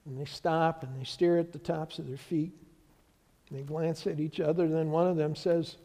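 A man's voice: fairly high pitch, measured pace, darkish tone, long reverb tail. A middle-aged man preaching a sermon as pastor, telling stories in a conversational way with voices for the people he quotes. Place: church sanctuary.

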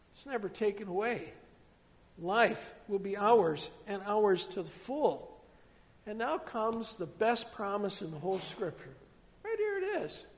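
High-voiced pastor preaching in a reverberant hall. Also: male voice. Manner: storytelling, drops to soft hushed tones for emphasis. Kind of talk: sermon.

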